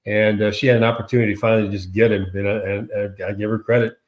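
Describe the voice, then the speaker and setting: A man co-hosting a casual political chat, animated and sarcastic, who often repeats words and acts out quotes. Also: fairly low pitch, quick pace. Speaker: co-host.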